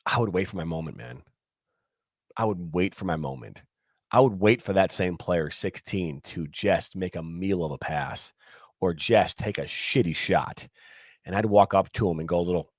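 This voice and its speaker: A former soccer referee on a podcast, telling stories in a lively way and acting out what players and coaches said. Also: male voice, low-pitched, moderate pace, no room sound, clean studio sound. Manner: animated storyteller acting out quotes, many restarts. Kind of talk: casual storytelling chat.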